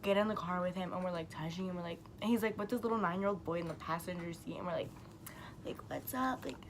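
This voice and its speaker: A woman's voice: on the low side, fast, background noise. A young woman vlogger telling a long story in a casual, rambling way, full of filler words and swearing, acting out what people said. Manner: animated, acts out quotes. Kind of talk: storytime vlog.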